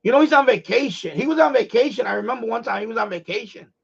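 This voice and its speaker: A middle-aged man hosting a live stream, ranting in a blunt, profane, animated way in casual chat. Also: very high voice, fast talker, vocal fry, husky, highs cut off.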